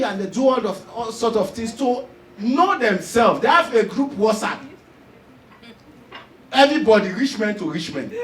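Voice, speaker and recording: Nigerian man, very high voice, stand-up comic, shouting and laughing, echoey room, off-mic. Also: recorded from a distance, a little hiss or hum. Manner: animated, loud storytelling with laughs and shouts. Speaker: stand-up comedian. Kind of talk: stand-up comedy.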